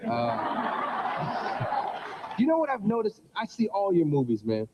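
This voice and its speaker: A man's voice: high-pitched, huge pitch swings, slow, highs cut off, background noise. A man hosting a comic mock interview on a talk show, teasing his guest and often breaking into giggles.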